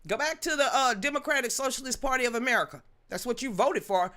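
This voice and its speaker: A woman hosting an unscripted political live stream, talking in a sassy, animated and mocking way, greeting chat viewers by name. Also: high-pitched, moderate pace.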